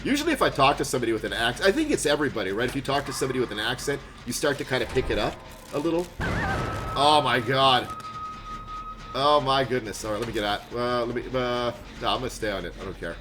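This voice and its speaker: Excitable man streaming games. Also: medium pitch, rapid-fire. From Canada. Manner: excitable, chatty, laughs often, greets viewers loudly. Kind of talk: live gaming stream commentary.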